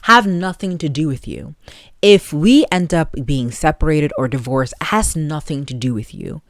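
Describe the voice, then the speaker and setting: A podcast host giving opinionated, animated solo commentary and talking straight to the listeners. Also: medium pitch, normal speed, no room sound, studio quality.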